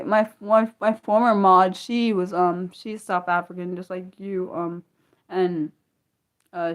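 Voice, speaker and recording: A young American woman hosting a casual livestream, excitable and apologetic, talking back to her chat with many restarts. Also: mid-range voice. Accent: American, Maryland. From United States. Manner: excitable, apologetic, lots of restarts and self-corrections. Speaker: livestream host.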